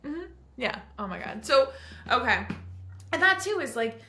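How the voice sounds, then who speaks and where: A young adult woman hosting a podcast in casual chat, animated and emphatic as she rants. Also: high voice, measured pace, reverberant. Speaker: podcast host.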